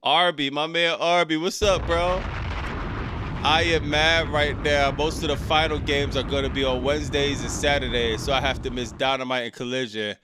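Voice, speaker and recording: This man talks at a moderate pace while hosting a live stream reacting to wrestling, reading out the chat. He shifts between excited outbursts and frustrated, low mutters, and his slang-heavy lines commonly end with "bro" or "dog".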